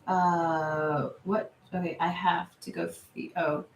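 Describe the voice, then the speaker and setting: A woman's voice: lowish voice, flat delivery, takes it slowly, a little hiss or hum. A woman hosting a tarot livestream, talking casually, swearing freely and reacting to viewer comments. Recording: roomy echo.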